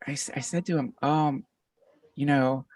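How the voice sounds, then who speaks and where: A man who is a podcast guest, telling a long story in a rambling, animated way with lots of fillers. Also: mid-range voice, moderate pace, no echo, far from the mic. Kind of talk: casual storytelling conversation.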